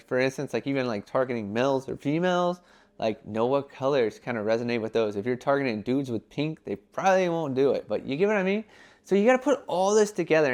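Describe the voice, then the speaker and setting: Animated young man giving casual advice. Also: medium pitch. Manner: animated, with quick put-on quotes and filler "like". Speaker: entrepreneur giving brand advice.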